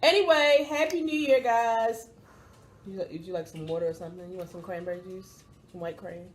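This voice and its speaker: A woman's voice: medium pitch, brisk, a little hiss or hum. A woman from Baltimore chatting to camera as a vlog host, cursing freely and talking straight to her viewers. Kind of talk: casual chat to camera.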